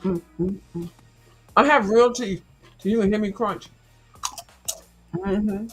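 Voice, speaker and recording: Woman host, mid-range voice, loud crunchy snacking chat, teasing and foul-mouthed. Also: medium pitch, slow, pauses often, slightly rough, faint music behind, poor audio. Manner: sassy, blunt, cusses freely, chews loudly into the mic. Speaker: livestream host. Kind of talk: casual chat while snacking.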